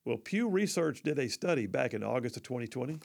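A man's voice: medium pitch, lively intonation, brisk, vocal fry. A man hosting a conservative talk radio show, folksy and emphatic, with sarcastic asides.

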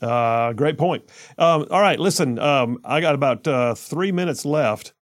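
A man hosting a radio talk show, chatty and quick, with lots of stumbling restarts. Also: medium pitch, no echo, clean studio sound. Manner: chatty, stumbling restarts, rushes when he gets going.

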